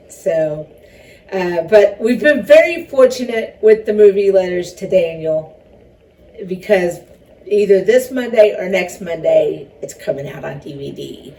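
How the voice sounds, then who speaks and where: A woman's voice: on the low side, animated, unhurried, warm tone. A woman talking about her film and one-woman show in a rambling, chatty way, with self-conscious laughs. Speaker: filmmaker and performer being interviewed. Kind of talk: casual interview talk. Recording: distant mic with faint background noise.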